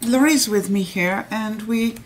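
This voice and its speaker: A woman's voice: medium pitch, measured pace, very noisy. A woman chatting casually in a home kitchen vlog, giggly and self-mocking. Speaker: home cooking vlogger.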